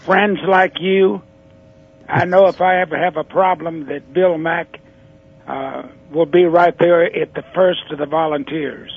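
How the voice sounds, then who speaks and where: Slow, breathy older man on phone. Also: on the high side, fairly even intonation. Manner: slow, easygoing. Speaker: interview guest. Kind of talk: phone interview. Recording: muffled phone line.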